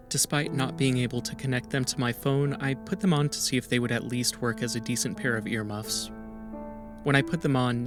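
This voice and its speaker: A man reading a first-person horror story in a steady, even narration. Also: medium pitch. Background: music.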